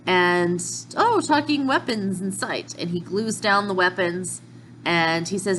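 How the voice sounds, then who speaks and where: A woman casually recapping manga chapters in a chatty, excitable way, with slips and restarts. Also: fairly low pitch, a little slow, a little hiss or hum, poor audio. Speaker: manga reviewer.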